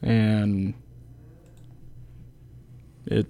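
Slow, laid-back young man. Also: lowish voice, level tone, creaky, warm tone. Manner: laid-back, plainspoken, many fillers. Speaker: college football kicker guest. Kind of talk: casual podcast interview.

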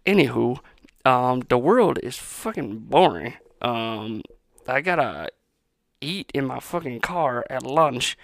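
Young man, solo podcast rant, gravelly, slightly high voice, dry close sound, profane and sarcastic. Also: no echo. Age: 20s. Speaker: podcast host.

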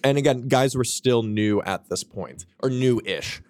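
A man on a podcast as a guest author, telling his story in a frank, casual way, with quick self-mocking asides and plenty of swearing. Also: mid-range voice, darkish tone, no echo.

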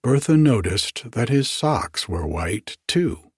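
Husky slow male storyteller. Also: mid-range voice, sing-song, no room sound, clean studio sound. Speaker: narrator. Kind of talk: scripted narration.

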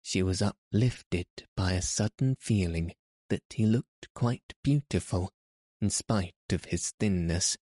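An audiobook narrator with a deep, slightly mellow male voice reads a scripted storybook aloud at a slow pace. The recording is dry and studio quality.

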